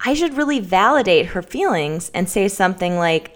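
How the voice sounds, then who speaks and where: A woman's voice: mid-range voice, very animated, moderate pace. A woman in her thirties co-hosting a parenting podcast, working methodically through numbered tips. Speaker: podcast co-host.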